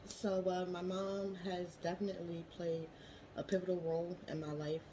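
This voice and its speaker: Earnest young woman over steady background noise. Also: on the low side, moderate pace. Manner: earnest, many "you know" fillers. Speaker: scholarship applicant. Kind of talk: prepared to-camera appeal.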